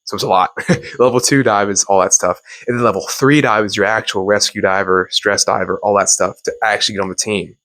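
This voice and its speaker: A man's voice: on the low side, steady tone, brisk, a bit bright, no echo. A young man from Louisiana hosting a self-improvement talk, telling a personal story in a rambling, casual way with restarts and laughs.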